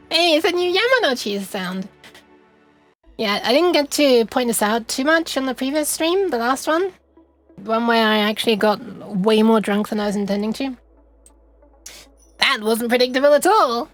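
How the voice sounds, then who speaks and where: While gaming on a live stream, a young woman talks in a rambling, giggly, self-interrupting way with many restarts. Her voice is on the high side and animated, at normal speed with frequent pauses, over soft background music.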